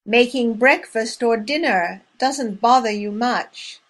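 A woman leading a language lesson drill, speaking slowly and clearly and pausing between words. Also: on the high side. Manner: clear, measured, spacing out each word. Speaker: language teacher. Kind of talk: slow, deliberate language drill.

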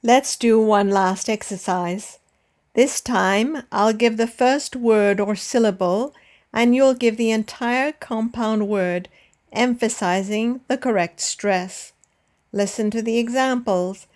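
A woman teaching an English lesson, reading a script and leading listen-and-repeat drills with slow, deliberate, carefully enunciated words. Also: fairly high pitch, a little mellow.

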